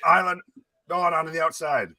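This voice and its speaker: Bright, dry-voiced man cracking wry jokes. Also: mid-range voice, moderate pace, dry recording. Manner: wry, deadpan jokes, swears freely. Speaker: co-host of a wrestling watch-along stream. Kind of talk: casual live-stream commentary.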